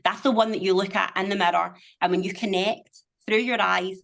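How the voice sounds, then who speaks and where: A woman's voice: medium pitch, fairly even intonation, a little fast, gravelly, a bit bright. A middle-aged woman, speaking as a podcast guest in casual conversation, emphatic and motivational, swearing freely. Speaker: podcast guest, business owner.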